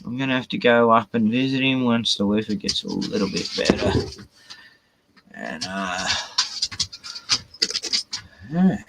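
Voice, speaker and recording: A man's voice: medium pitch, unhurried, pauses often, a bit bright, low-quality recording. A man, hosting a casual, rambling live stream, swearing a lot and chatting to his dogs, with a cough.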